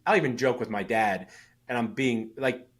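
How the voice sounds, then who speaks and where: A man's voice: mid-range voice, moderate pace. A man, a guest on a podcast, talking casually and emphatically, telling stories and acting out quoted remarks. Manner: animated, emphatic, tells stories with voiced asides. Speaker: podcast guest, founder of an online dentist community. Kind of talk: casual interview talk.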